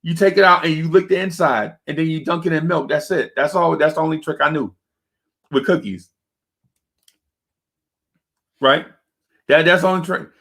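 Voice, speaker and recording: Man, livestream host, gravelly, bright and forceful, animated storyteller, does quick character voices. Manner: acts out other people's voices in his stories, high-pitched and excitable. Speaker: host of a fan livestream show. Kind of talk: animated storytelling and casual chat.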